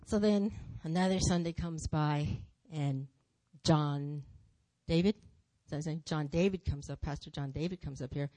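A woman speaking in church, telling her testimony as a lively story with repeated phrases. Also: low-pitched, moderate pace, no echo. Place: church sanctuary.

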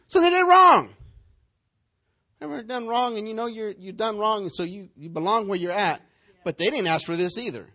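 A male pastor, preaching a sermon in an animated, joking way and acting out the people in the story. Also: sits high, moderate pace. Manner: animated, joking, acts out quotes.

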